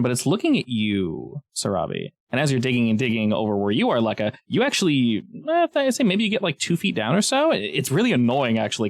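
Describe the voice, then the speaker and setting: Lively man narrating as game master. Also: medium pitch, dry recording, clean studio sound. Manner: lively, chatty narration with many restarts.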